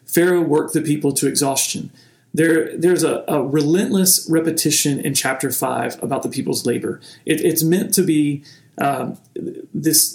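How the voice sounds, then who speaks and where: A man's voice: fairly high pitch, creaky, reverberant. A man preaching a sermon in a conversational teaching manner, often restarting his phrases. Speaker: pastor.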